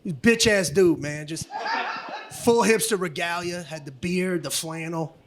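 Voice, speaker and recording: Brash, high-voiced comedian ranting. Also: male voice, unhurried. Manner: brash, profane, ranting, often shouting. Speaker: stand-up comedian. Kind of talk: stand-up comedy routine. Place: comedy club stage. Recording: live club audio with background noise.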